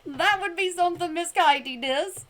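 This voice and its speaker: A woman giving sassy, mocking commentary on a clip, with a twang and sudden loud outbursts. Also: very high voice, moderate pace, faint music behind. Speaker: commentary vlogger reacting to a clip. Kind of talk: casual commentary.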